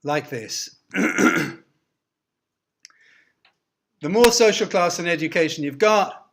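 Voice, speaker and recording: A man's voice: on the high side, animated, slow pace, creaky, fairly bright tone, reverberant. A man in his seventies with an English received pronunciation accent, giving a classroom lecture and often checking in with "okay?". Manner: checks in with "okay?", slips in foreign words. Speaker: university lecturer.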